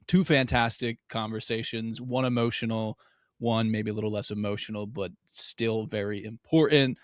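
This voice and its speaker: This podcast co-host has a lowish voice with fairly even intonation and a moderate pace, captured in clean studio sound with no echo. Chatting casually, he thoughtfully goes scene by scene through a TV episode, using hedging fillers.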